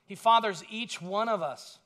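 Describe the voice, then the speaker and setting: A middle-aged man preaching a sermon as a pastor, telling a lively story and acting out what people shouted. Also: high-pitched, normal speed. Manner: storytelling, acts out shouted quotes.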